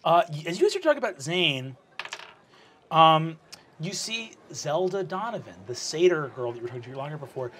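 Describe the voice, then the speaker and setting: A man's voice: a little high, big pitch swings, a bit bright, a little hiss or hum. A man running a tabletop game as game master, narrating casually and calling for dice checks. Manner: quick, casual narration with fillers.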